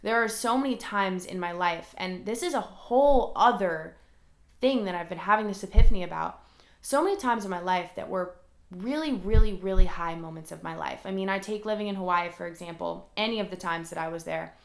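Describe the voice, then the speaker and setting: A woman's voice: medium pitch, a little fast, roomy sound. A woman hosting a solo motivational podcast from her room at home, talking earnestly and rambling, with lots of "like" fillers. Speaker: podcast host. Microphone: recorded alongside a camera.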